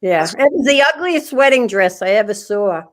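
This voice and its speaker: A woman's voice: medium pitch, lively intonation, normal speed, a little hiss or hum. An older woman as a guest on a casual talk show, dry and matter-of-fact. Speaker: guest, host's mother. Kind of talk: casual chat.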